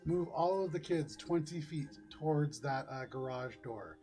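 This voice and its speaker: Throat-clearing game master narrating combat. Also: male voice, a little high, measured pace, warm tone, soft background music. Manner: casual, frequent throat-clearing and filler sounds.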